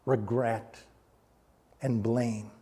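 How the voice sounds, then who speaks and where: A middle-aged man preaching a storytelling sermon in a church sanctuary, dropping to a hushed voice at solemn moments. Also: mid-range voice, flat delivery, drawn-out words, slightly rough. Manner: hushes to a near-quiet voice at solemn points. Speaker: pastor.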